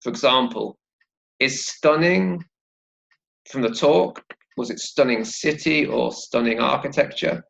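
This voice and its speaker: Learners copy a man who patiently repeats English vocabulary in slow, clear pronunciation practice. His medium-pitched voice is creaky and fairly bright, he speaks unhurriedly, and the recording quality is low.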